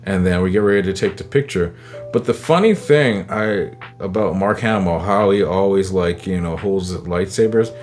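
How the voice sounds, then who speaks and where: A man telling a personal story in a casual, animated way, acting out the people he quotes. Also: deep voice, moderate pace. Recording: guitar music under the voice. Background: guitar music.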